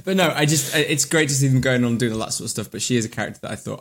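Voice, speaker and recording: A man's voice: mid-range voice, fairly even intonation, very fast. A man from the United Kingdom co-hosting a podcast, joking and laughing often in casual chat. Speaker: podcast co-host.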